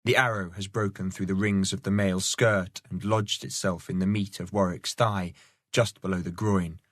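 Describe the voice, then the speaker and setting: A man narrating a novel in a measured, even storytelling voice. His pitch sits low, and the recording is dry and close, with no room sound. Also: dry recording. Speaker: audiobook narrator. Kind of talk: scripted narration.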